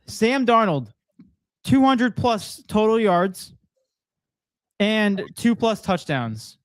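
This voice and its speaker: A man's voice: high-pitched, very animated, slow, no echo. A young man co-hosting a sports podcast, upbeat and laughing often as he reads out scores and predictions. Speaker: podcast co-host.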